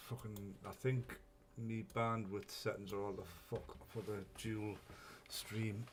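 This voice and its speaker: A man's voice: fairly low pitch, background noise. A man hosting a casual live stream, rambling and chatty, swearing when flustered.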